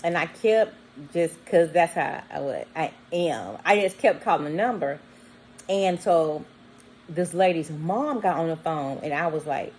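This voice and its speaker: A woman's voice: low-pitched, unhurried, slight background noise, poor audio. Chatty woman telling a story. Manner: animated, acts out quoted voices with bleeped words. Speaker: vlogger. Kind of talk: casual storytelling.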